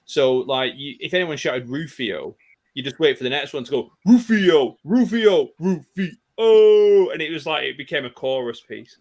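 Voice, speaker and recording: A man's voice: medium pitch, normal speed, creaky, a bit bright. Enthusiastic man in his thirties. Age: 30s. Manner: enthusiastic, nostalgic, with many restarts. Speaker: podcast guest. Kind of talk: casual podcast discussion.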